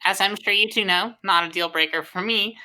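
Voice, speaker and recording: A woman co-hosting a podcast in casual chat, playful and quick to giggle. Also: medium pitch, pushed and bright. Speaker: podcast co-host.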